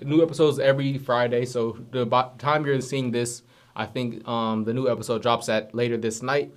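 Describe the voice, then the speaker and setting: A man's voice: mid-range voice, normal speed. A man co-hosting a laid-back podcast, recounting episode plots with lots of slang and "you know"s. His voice sits in an ordinary middle register. He talks like he's telling a friend a story. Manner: animated storyteller, heavy slang and fillers. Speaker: podcast co-host. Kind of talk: casual chat, retelling cartoon plots.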